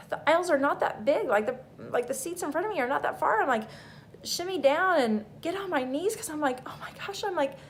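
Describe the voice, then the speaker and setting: High-voiced woman sharing heartfelt faith testimony. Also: vocal fry, fairly bright tone, a little hiss or hum. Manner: rambling, heartfelt, full of "like" fillers. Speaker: faith vlogger.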